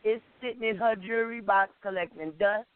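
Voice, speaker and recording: Male radio co-host, high smooth voice, incredulous questioner, tinny line. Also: fairly even intonation, fairly quick, dry recording. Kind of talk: casual radio banter. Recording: tinny phone-like radio audio.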